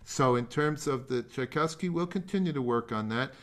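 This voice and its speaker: An older man with a medium-pitched, slightly bright voice leads a remote music masterclass over video call. He gives feedback in a halting, rambling way, peppered with self-deprecating jokes.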